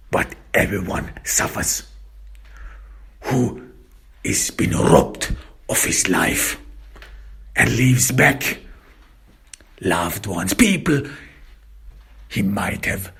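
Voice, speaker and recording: A man narrating a first-person detective story, slow, halting and reflective. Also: fairly low pitch, vocal fry, a bit bright, husky.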